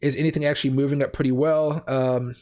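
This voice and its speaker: Male livestream host, hoarse with a cold, rapid and rambling, self-correcting. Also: mid-range voice, little pitch movement, darkish tone. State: raspy voice from a cold. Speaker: crypto trading livestream host. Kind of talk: casual livestream chat.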